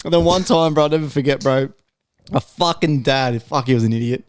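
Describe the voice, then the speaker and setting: A man's voice: medium pitch, a little fast, smooth. A young man, co-hosting a podcast and telling stories full of swearing and laughter. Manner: swears constantly, laughs through his stories. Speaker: podcast co-host. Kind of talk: casual chat.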